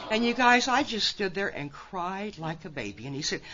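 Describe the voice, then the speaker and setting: An older woman from Nebraska giving a recovery talk at a conference, folksy and animated, often turning to address the audience directly. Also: mid-range voice, normal speed, dull audio. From Nebraska, USA. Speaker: conference speaker.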